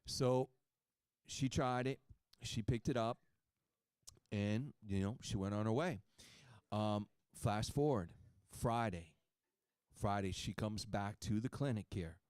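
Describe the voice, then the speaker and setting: Low, smooth-voiced man pitching enthusiastically. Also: takes it slowly, pauses often, a little mellow, no echo. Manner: upbeat and persuasive, checks in with "okay?" and "right?". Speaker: clinic presenter pitching a supplement. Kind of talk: sales presentation with anecdote. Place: clinic.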